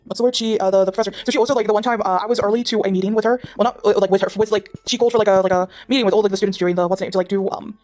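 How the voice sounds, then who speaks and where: A young woman from Durban talks very fast with hardly any pauses, her mid-range voice steady and darkish. The South African gaming vlogger rambles through casual chat over her game at home, dog beside her, with many restarts and fillers.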